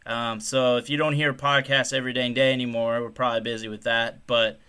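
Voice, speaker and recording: A man's voice: flat delivery, fairly quick, clear, resonant tone. A man co-hosting a casual podcast, swearing freely and joking with his co-host. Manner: profane, jokey, slips into loud high mock voices.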